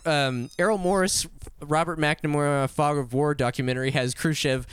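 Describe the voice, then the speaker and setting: A man's voice: a little high, fairly even intonation, moderate pace, clean tone. A young man co-hosting a casual podcast chat, swearing often and laughing as he reads quotes aloud. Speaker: podcast co-host.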